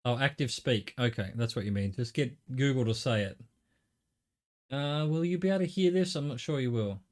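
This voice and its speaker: A man's voice: medium pitch, moderate pace. A middle-aged man with an Australian accent giving live game-stream commentary, thinking aloud and chatting casually with his viewers.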